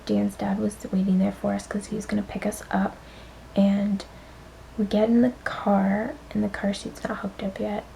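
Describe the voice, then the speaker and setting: A woman's voice: medium pitch, creaky, dark tone, a little hiss or hum, rough recording. Shaky, whispery young woman vlogger. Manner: shaky, emotional, often dropping to a whisper. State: on the verge of tears. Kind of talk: casual storytime vlog.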